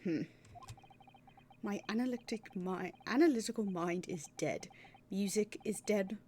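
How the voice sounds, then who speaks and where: A woman voicing a gloomy, theatrical gentleman detective in a put-on British accent, with a slow, mournful, melodramatic delivery. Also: mid-range voice, slight background noise, lightly acted. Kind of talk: reading game dialogue aloud.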